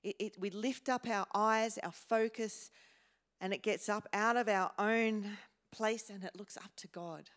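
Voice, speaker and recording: A woman pastor preaching a sermon in a church, slow and measured, pausing and repeating words as she goes. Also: mid-range voice, fairly even intonation, a bit bright. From Australia. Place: church hall.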